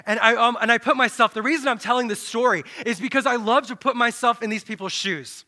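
Male preacher, high and bright, animated sermon delivery with dramatic quiet drops. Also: quick pace, hardly any pauses. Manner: animated, dramatic, often drops to a low hush then swells loud.

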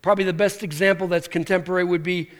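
Racing along in a voice that sits high, a pastor preaches and acts out the figures in his animated stories. Restarts come up often as he speaks.

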